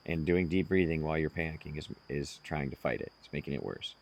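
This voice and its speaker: A man speaking slowly and earnestly, giving direct self-help advice to the listener. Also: extremely low pitch, expressive, gravelly, darkish tone. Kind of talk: casual advice monologue.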